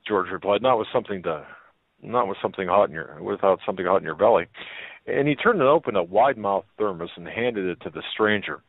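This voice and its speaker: Low-voiced male host on a phone line. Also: expressive, slightly rough, dry recording. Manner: folksy, halting, with many fillers and restarts. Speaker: talk show host. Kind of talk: reading a story aloud on a talk show.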